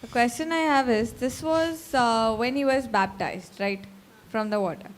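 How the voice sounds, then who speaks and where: A woman's voice: on the high side, a little slow. A woman at a retreat asking the preacher a question, checking in with "right?" as she goes.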